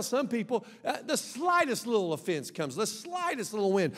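Brief: high-pitched male pastor, emphatic sermon delivery, long church-hall reverb. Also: very animated, brisk, few pauses. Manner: emphatic, swings between soft asides and loud exhortation. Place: church sanctuary.

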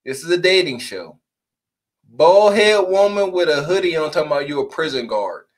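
A man in his forties co-hosts a reaction podcast. His voice sits high and swings around lively as he jokes bluntly and mocks what he hears. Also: moderate pace. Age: 40s. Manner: mocking, joking, blunt. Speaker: podcast co-host. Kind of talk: reaction commentary.

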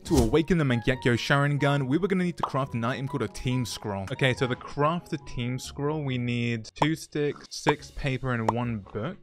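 Excitable young man gaming. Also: mid-range voice, normal speed, hardly any pauses, over music. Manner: excitable, jokey, self-mocking. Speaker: gaming YouTuber. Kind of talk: playthrough commentary with voice-over narration.

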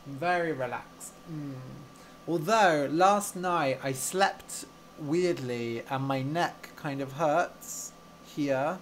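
Slow, relaxed male language teacher. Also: fairly high pitch, a little hiss or hum. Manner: slow, clear, explains words and asks viewers questions; relaxed and chatty. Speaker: English teacher and storyteller. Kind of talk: interactive live-stream story lesson.

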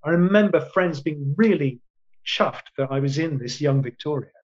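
A man's voice: fairly high pitch, expressive, moderate pace, highs cut off. A man in his sixties, an actor being interviewed, telling long anecdotes with many restarts and quoted asides. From England. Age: 60s. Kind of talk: casual storytelling in an interview.

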